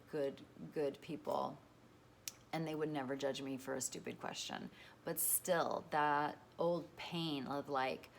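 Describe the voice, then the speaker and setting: A woman's voice: deep voice, slight background noise. A woman vlogger talking candidly to her followers, emphatic and frank, swearing freely and repeating herself as she works through her thoughts. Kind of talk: candid personal monologue to followers.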